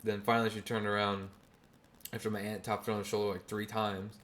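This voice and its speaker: A man in his twenties, a podcast host telling a story in a casual, animated way, swearing and using slang freely. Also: lowish voice, brisk.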